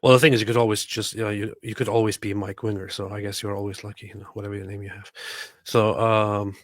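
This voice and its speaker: A man's voice: fairly low pitch, level tone, quick pace, dry recording, studio quality. A man co-hosting a casual livestream, reading viewer comments aloud and joking with frequent laughs. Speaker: livestream co-host.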